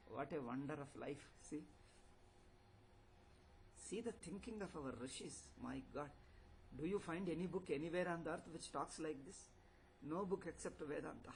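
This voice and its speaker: A man's voice: a little high, slight background noise, low-quality recording. An older man teaching a spiritual lecture, emphatic and repetitive, asking rhetorical questions. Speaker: Vedanta teacher.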